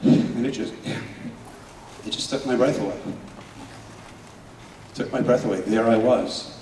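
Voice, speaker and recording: A man playing an Israeli paratrooper telling a moving battle memory in a dramatic first-person monologue, earnest and swinging between loud urgency and hushed emotion. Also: mid-range voice, slow pace, slight background noise, natural voice. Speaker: stage performer. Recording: echoey hall from far off.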